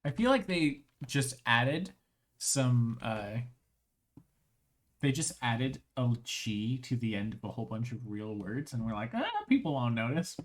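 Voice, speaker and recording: Slow, rambling, playful live streamer. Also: mid-range voice. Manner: rambling and playful, with frequent laughs; halting, with many restarts. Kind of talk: casual live-stream chat.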